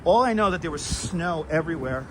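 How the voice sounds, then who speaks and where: A man's voice: fairly high pitch, expressive, fairly quick. Chatty man streaming on windy streets. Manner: chatty, rambling, talks to viewers. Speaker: walking tour livestream host. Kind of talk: casual live-stream chat while walking. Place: outdoors on windy city streets. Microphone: wireless clip-on mic. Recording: windy outdoor street recording. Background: wind and traffic noise.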